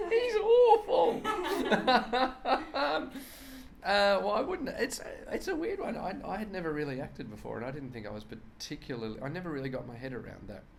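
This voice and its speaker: A comedian, telling lively anecdotes in a casual interview, often laughing and acting out voices. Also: male voice, on the high side, fast talker, creaky, hardly any pauses, a crowd in the background. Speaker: comedian guest. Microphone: shared handheld microphone.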